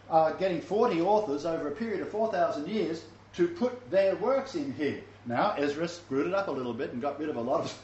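Slightly high in pitch, this man reads scripture aloud and then remarks on it in a relaxed Bible-study sermon, chuckling at his asides. A faint hiss or hum runs through the dull, roomy lo-fi audio.

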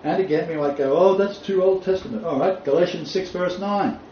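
A man's voice: sits high, fairly quick, warm tone. A man preaching a sermon, quoting scripture emphatically and rising on key phrases. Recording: roomy, distant, dull, faint noise.

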